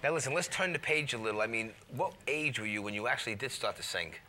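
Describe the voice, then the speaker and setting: A man's voice: medium pitch, animated, fast, sharp tone, a little hiss or hum, poor audio. A man hosting a talk show in a TV studio, asking questions and giving short encouraging reactions. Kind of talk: casual interview chat.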